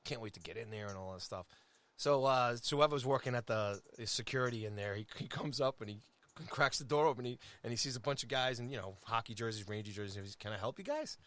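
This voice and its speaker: A man, co-hosting a sports podcast and telling a road-trip story in a casual, animated way. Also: medium pitch, fast. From Long Island, New York. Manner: animated, acts out quoted voices. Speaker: podcast co-host.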